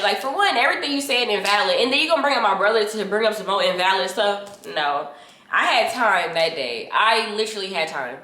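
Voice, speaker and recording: A young woman, telling a story to her viewers in a casual, animated and slangy way. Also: mid-range voice, fairly quick. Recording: roomy echo.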